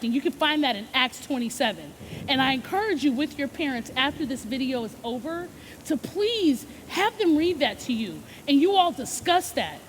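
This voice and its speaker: A woman's voice: high-pitched, big-room sound, a little hiss or hum. A woman hosting a children's Bible lesson, upbeat and coaxing, often checking in with "right?". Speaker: children's ministry host.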